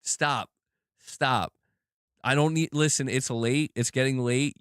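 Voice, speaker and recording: A man's voice: mid-range voice, lively intonation, slow, fairly bright tone, clear, resonant tone, no room sound, clean studio sound. A man streaming live, commenting on gaming news in a casual, slang-heavy, profane way. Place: home room.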